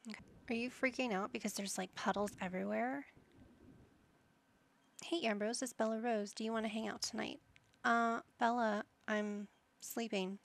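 A woman's voice: medium pitch, fairly even intonation, normal speed, gravelly, long pauses. A woman giving casual commentary over her life-simulation gameplay, chatting to her game characters as she plays. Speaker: gameplay channel host.

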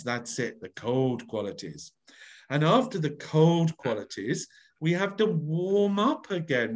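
A man runs a voice workshop over a video call, coaxing his group with playful, exaggerated demonstrations. His pitch sits a little high and leaps around with lively range. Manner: playful, coaxing, modelling each phrase with exaggerated expression. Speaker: voice workshop leader. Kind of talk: online voice workshop coaching.

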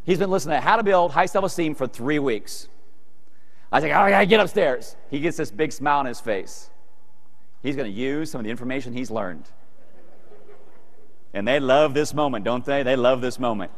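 A man's voice: medium pitch, normal speed, long pauses. A middle-aged man giving a humorous storytelling keynote to a live audience, acting out family scenes and talking directly to the crowd. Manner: animated, acts out family scenes, talks to the audience. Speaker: keynote speaker. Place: large hall with a live audience. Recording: long hall reverb.

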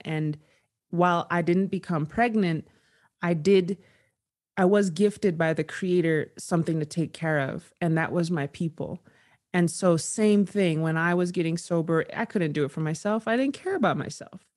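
A woman, a guest author, talking candidly in a podcast conversation with earnest, animated storytelling. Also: on the low side.

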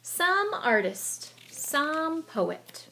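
A woman reads a children's picture book aloud at an unhurried pace. Her voice is bright and clear, and it swings up and down expressively as she tells the story. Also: sits high, sing-song, slight background noise.

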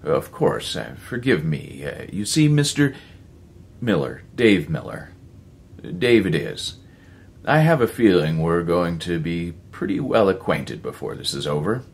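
A male narrator voicing an older scientist who sounds intense and commanding and speaks in a lecturing, slightly halting way. He plays it as a storybook figure. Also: low-pitched, very animated, vocal fry, full character voice.

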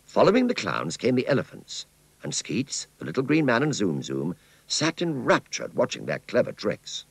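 A man narrating a children's story in an expressive, scripted storytelling manner. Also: mid-range voice, normal speed, gravelly, breathy edge, dry recording.

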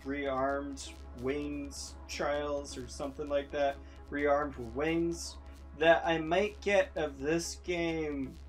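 A woman hosting a let's play, giving excitable, profane commentary full of yelps and battle cries. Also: low-pitched. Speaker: gaming channel host.

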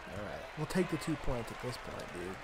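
A man's voice: medium pitch, very animated, normal speed, a crowd in the background. A young man casually commentating his own basketball video game, muttering, swearing and trash-talking the players on screen. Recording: home recording with clear background noise.

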